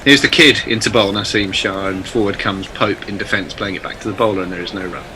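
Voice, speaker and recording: Brief: man, live cricket commentator, vivid bright voice, energetic on the action and easygoing between deliveries. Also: on the low side, a little fast, slight background noise, low-quality recording. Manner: lively calls of the play, then relaxed chat.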